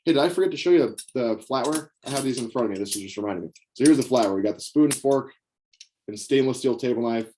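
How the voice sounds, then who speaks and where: A man's voice: medium pitch, lively intonation, fast talker, dark tone, slight background noise. Young male sales coach, upbeat and direct, repeats key lines for note-taking. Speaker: sales trainer. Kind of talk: sales training session. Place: indoors with knives on a table.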